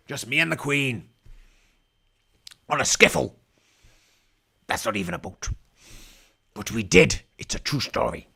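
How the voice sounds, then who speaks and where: A man gives irreverent live commentary in a mock pirate voice, dropping growling asides between jokes. His mid-range voice has lively intonation, vocal fry, and a pushed, bright sound with a breathy edge, and he speaks a little slowly with frequent pauses. Faint music from the broadcast feed plays in the background.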